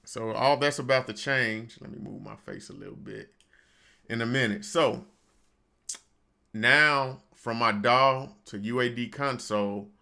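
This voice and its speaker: A man's voice: mid-range voice, measured pace, creaky, pushed and bright, clear, resonant tone. A man hosting a home studio tutorial, talking loosely and conversationally and addressing viewers as y'all. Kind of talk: casual screen-recorded software tutorial. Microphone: studio microphone.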